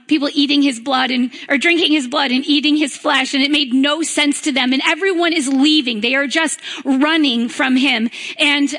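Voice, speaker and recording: A woman's voice: sits high, fairly bright tone. A woman pastor giving a sermon in a conversational way, often checking in with "right?".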